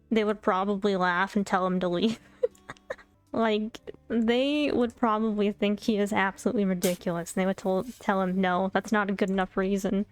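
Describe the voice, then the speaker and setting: A young adult woman streamer telling a story in casual chat, animated and chatty, laughing often and bursting into exasperated disbelief. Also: mid-range voice, clean tone. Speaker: VTuber streamer. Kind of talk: casual storytime chat while playing a game.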